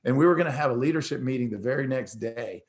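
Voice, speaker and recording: A middle-aged man hosts a motivational talk, telling a personal story in a loose, conversational way. He breaks off and restarts often, and acts out the dialogue with energy. His voice sits at an ordinary middle pitch. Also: fast talker. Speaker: host.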